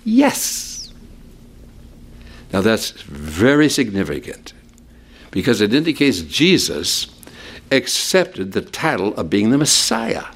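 A male pastor preaching an expository sermon in a conversational way, explaining scripture with friendly asides. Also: vocal fry. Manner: animated, sweeping pitch for emphasis.

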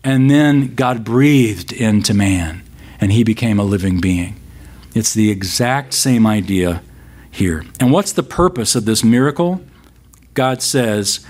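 A man preaching a sermon as a pastor, expressive, slowing down for emphatic scripture reading. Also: lowish voice.

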